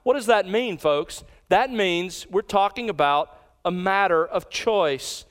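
Guy preaching a sermon, kinda high voice, clear and ringing, hammers key lines slow. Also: fairly bright tone. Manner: emphatic, repeats key lines slowly for emphasis. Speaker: pastor.

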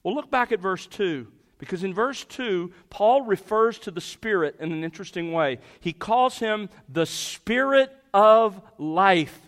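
A man's voice: high-pitched, lively intonation, measured pace, few pauses, fairly bright tone. A man preaching an expository sermon as pastor, emphatic and repeating key phrases for stress. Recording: long hall reverb.

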